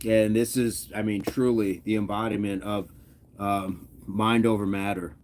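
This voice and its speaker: A man's voice: fairly low pitch, little pitch movement, unhurried, darkish tone, slight background noise. A man hosting a fitness livestream, casually reading viewers' comments aloud and chatting back with an easygoing, laughing manner.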